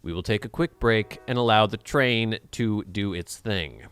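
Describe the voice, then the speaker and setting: This young Pacific Northwest vlogger speaks unhurriedly in a lowish, clear, resonant voice that's a bit bright. He reads quiz questions aloud, reflects on how he says words, and adds playful, sarcastic asides.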